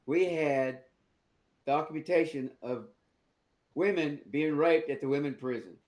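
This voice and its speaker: A man's voice: fairly high pitch, a little slow, a little mellow. A man, co-hosting a political talk show, speaking plainly and firmly in short statements. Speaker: co-host.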